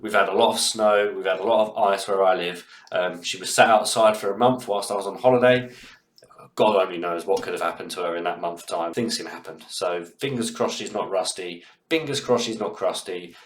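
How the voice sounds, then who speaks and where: Man, car vlog host, bunged-up cold, rambling and chatty, lowish voice, roomy echo. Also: brisk, slight background noise. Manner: chatty, rambling, frequent fillers and restarts. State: congested head cold. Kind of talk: casual vlog talk to camera.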